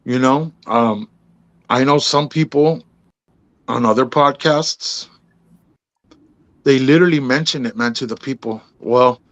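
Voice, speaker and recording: Guesting on an interview show, a podcast host with a medium-pitched, fairly bright voice tells his story at a measured pace, pausing often. Laid-back, he drops in "bro" and "man" and acts out quoted dialogue. The sound is lo-fi with no echo.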